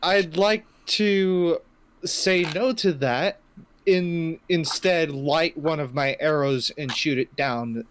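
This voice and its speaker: A man playing in a tabletop game, asking rules questions and quick to object. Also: a little high, fairly bright tone, a little hiss or hum. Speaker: player. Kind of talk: casual tabletop game chat.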